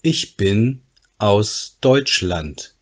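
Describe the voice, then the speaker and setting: A man reading the part of a forty-year-old making small talk in a textbook dialogue, with a husky voice. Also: fairly low pitch, expressive. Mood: friendly. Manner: very slow, careful textbook dialogue.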